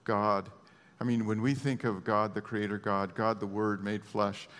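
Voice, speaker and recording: A man preaching a sermon as a pastor, earnest and emotional, moving between hushed and raised speech. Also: lowish voice, level tone, a little slow, long reverb tail.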